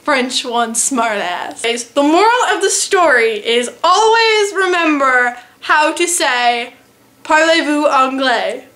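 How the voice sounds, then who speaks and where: A teenage girl vlogging, telling a funny travel story in a casual, animated, self-mocking way. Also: high voice, unhurried, hardly any pauses. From United States. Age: teens.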